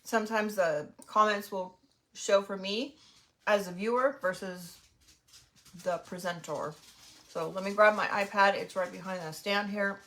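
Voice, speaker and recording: A woman's voice: mid-range voice, steady tone, unhurried, fairly bright tone. A middle-aged woman hosting a craft livestream, chatting casually and greeting viewers while snacking. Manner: chatty and friendly, talks while eating.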